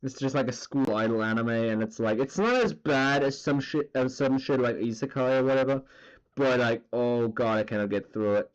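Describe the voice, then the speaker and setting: A man's voice: medium pitch, fairly even intonation, normal speed, lo-fi sound. A man chatting casually on a drawing stream, rambling and swearing as he goes. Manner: rambling and profane, full of filler words.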